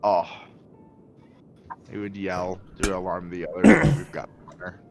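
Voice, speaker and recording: Man, player, low gravelly voice, lively pitch, blunt, swears, music behind. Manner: blunt, swearing, quick questions. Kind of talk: casual tabletop game chat.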